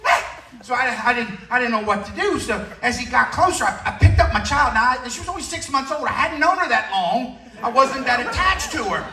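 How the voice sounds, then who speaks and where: A man doing a stand-up comedy set, telling a story with shouted screams and acted-out dialogue. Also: extremely high pitch, expressive, a little fast, hardly any pauses, slight background noise. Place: comedy club stage. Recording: echoey club from a distance.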